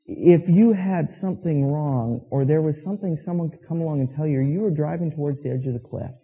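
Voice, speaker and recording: Husky pastor preaching in a tinny hall. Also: male voice, on the high side, brisk. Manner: storytelling with quoted voices, emphatic. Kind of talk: sermon. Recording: tinny phone-like sound with long reverb.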